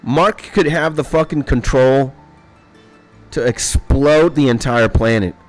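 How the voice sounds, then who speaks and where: Young male gaming streamer, slow unhurried delivery, profane rambling, faint music behind. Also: medium pitch. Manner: rambling, excitable, swears a lot. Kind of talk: casual stream chat. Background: faint background music.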